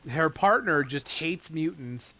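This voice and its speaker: A man co-hosting a casual comic book podcast, retelling scenes with animated put-on voices. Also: a little high, takes it slowly, dry recording. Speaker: podcast co-host.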